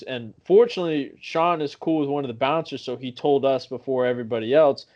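A young podcast guest tells a rambling story in casual conversation, swearing a lot and correcting himself as he goes. His voice is medium-pitched and darkish, delivered a little fast. The sound is dull and lo-fi.

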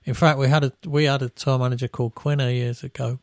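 A man's voice: mid-range voice, level tone, fast talker, gravelly, no echo, studio quality. A middle-aged man from England, a band musician telling rambling anecdotes in casual chat, with restarts and laughs at his own stories.

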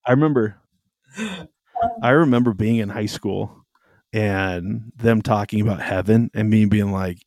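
A man's voice: lowish voice, measured pace, darkish tone, dry recording, studio quality. A man co-hosting a podcast, chatting casually in a rambling, joking way with lots of fillers. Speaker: podcast co-host. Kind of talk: casual chat.

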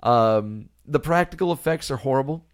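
A man's voice: medium pitch, animated, moderate pace, no room sound, clean studio sound. A man co-hosting a podcast, chatting casually about a bad movie and laughing often. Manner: laughs often, jokey asides. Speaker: podcast co-host. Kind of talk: casual movie-review chat.

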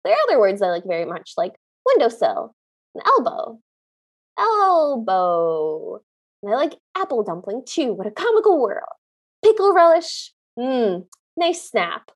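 A woman's voice: fairly high pitch, very animated, moderate pace, husky, voice pushed down. A woman putting on a dreamy, odd old lady. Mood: whimsical. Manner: whimsical, rambling.

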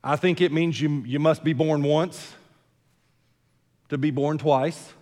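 An older male pastor preaching in a voice a little higher than most men's. He talks conversationally, drops in jokes and repeats words as he starts a thought. His voice rings with a long echo through a church hall. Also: steady tone, slow pace, a little mellow. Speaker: senior pastor. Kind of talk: sermon. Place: church sanctuary.

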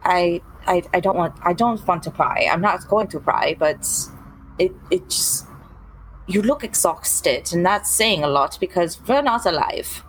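A woman's voice: on the low side, expressive, measured pace, slight background noise, poor audio. A woman playing a blunt outspoken vampire. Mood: confrontational. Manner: frank, confrontational, stammering.

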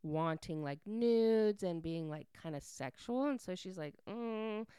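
A woman chatting through a plot recap in a relaxed, filler-heavy way. Her voice sits a little low and sounds exceptionally smooth and clean. The sound is close and dry, with no room around it. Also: measured pace, no echo.

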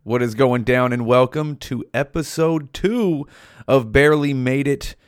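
A man's voice: medium pitch, measured pace, clean tone, dry recording, studio quality. Profane ranting male podcast host. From California. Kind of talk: casual solo podcast rant.

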